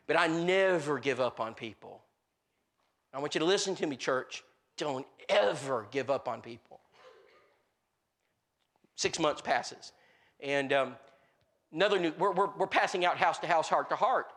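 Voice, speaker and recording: A man's voice: on the high side, normal speed, long pauses. A man preaching a sermon and telling stories, acting out the people in them, with many restarts and fillers. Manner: animated, acts out the people in his stories; frequent restarts and filler words. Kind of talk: storytelling sermon.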